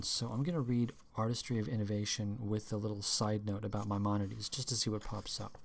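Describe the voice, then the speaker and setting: A man's voice: fairly low pitch, steady tone, fairly quick, gravelly, hardly any pauses, a little hiss or hum. A man reading passages from a book aloud in a casual stream, breaking off with wry, meandering comments of his own. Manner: meandering, with fillers and restarts. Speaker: podcast host reading aloud.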